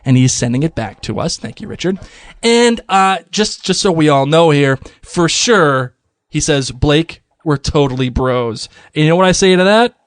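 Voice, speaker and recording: A man's voice: fairly high pitch, moderate pace, dry recording. A man co-hosting a podcast, chatting enthusiastically and reading out listener messages. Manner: enthusiastic, animated, restarts often. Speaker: podcast co-host. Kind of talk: casual chat reading listener feedback.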